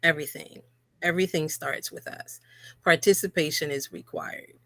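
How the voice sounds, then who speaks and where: A woman's voice: deep voice, normal speed, fairly bright tone, no room sound. Earnest woman preaching relationship advice. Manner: earnest, preachy, repeats key phrases for emphasis. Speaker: co-host. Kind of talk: livestream relationship talk.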